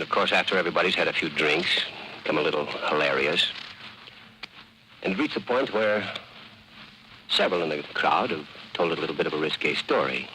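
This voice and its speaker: A man's voice: low-pitched, bright, forceful tone, slight background noise, low-quality recording. A man telling a long bawdy joke in a drawling, hesitant, conspiratorial manner. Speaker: comic storyteller.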